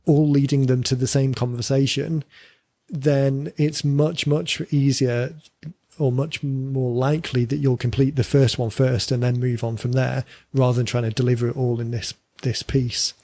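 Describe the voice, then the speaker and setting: A man's voice: mid-range voice, flat delivery, normal speed, mellow, no echo. A man co-hosting a podcast, talking casually and thinking aloud with fillers and repeated words. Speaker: podcast co-host.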